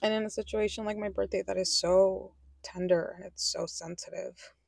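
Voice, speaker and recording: A woman's voice: medium pitch, fairly even intonation, moderate pace, vocal fry, dry recording. A young adult woman talking candidly in a personal vlog, rambling and correcting herself, sometimes dropping to a whisper. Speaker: vlogger.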